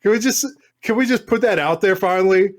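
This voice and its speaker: A man co-hosting a podcast in casual banter, animated and laughing, saying bro and dude a lot. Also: sits high, fairly quick. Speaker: podcast co-host.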